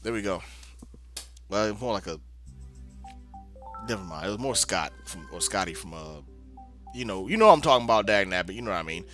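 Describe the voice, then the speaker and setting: A man's voice: fairly low pitch, lively intonation, fairly quick, long pauses, fairly bright tone. A young man giving casual commentary while playing a video game, talking to himself in exasperated mutters. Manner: talkative, exasperated muttering, playful drawl. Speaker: let's play gamer. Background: game music.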